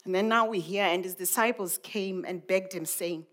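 A woman's voice: medium pitch, moderate pace, fairly bright tone. A woman, a mother, preaching a sermon in a reflective way, musing aloud with many rhetorical questions. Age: adult mother.

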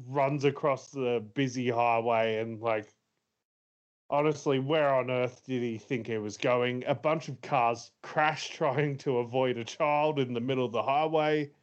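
Slow-talking man reviewing a film. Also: medium pitch. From Australia. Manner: rambling, laughs often, many fillers. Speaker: podcast co-host. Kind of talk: casual movie review chat.

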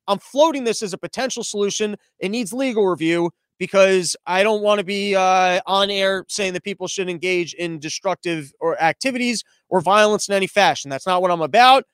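High-voiced sarcastic male news host. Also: clean tone, no echo, studio quality. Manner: sarcastic, rambling, mock-serious. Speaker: podcast host. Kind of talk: satirical news commentary.

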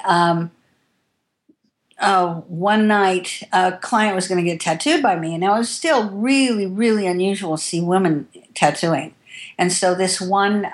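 Candid rambling woman, lowish voice. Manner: candid, rambling, casual swearing. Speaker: tattoo artist. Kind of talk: interview storytelling.

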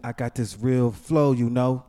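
A young man acting out a comedy sketch in an animated, slangy, joking way. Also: medium pitch, unhurried.

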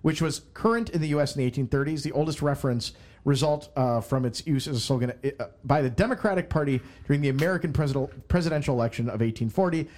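A man's voice: on the high side, expressive, fast talker, a little mellow. A man hosting a casual podcast chat, joking around and stumbling as he reads aloud. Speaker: podcast host.

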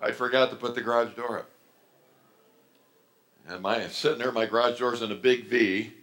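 A man's voice: mid-range voice, steady tone, normal speed, a bit bright. A middle-aged man preaches from the pulpit in a mid-range voice. He tells stories with animation and acts out the voices he quotes. His delivery is that of a pastor giving a sermon.

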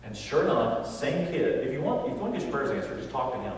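A man preaching a sermon as a pastor, telling stories with animated, emphatic delivery. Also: medium pitch, fast, slight background noise. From Southern United States. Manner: animated storytelling, builds to loud emphatic points. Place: large church sanctuary. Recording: echoey church hall from far off.

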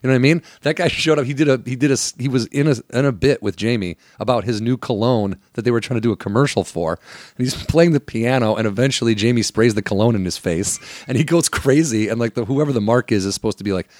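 A man's voice: medium pitch, fast talker, a little mellow, dry recording, clean studio sound. A man telling showbiz stories in casual chat, swearing and laughing as he goes.

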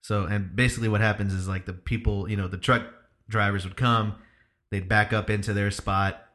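A man chats casually with a friend and starts a story of his own. His voice sits fairly low but sounds bright. He talks loosely and swears freely. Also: flat delivery. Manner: loose and profane, quick reactions.

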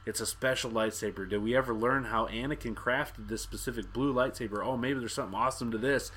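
A man co-hosting a podcast in a casual movie discussion, animated and acting out his own reactions. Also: medium pitch, fast, husky. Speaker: podcast co-host.

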